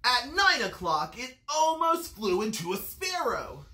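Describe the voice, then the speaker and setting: A reader telling a picture-book story aloud to children with animated, expressive delivery. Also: mid-range voice, measured pace. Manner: animated storytelling with lively swings. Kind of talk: expressive read-aloud for kids. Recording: roomy echo.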